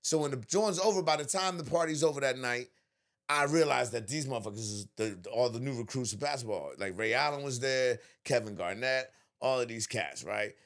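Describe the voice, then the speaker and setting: A man hosting a podcast, telling a story in casual chat, animated and profane, laughing often. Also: mid-range voice, brisk. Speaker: podcast host.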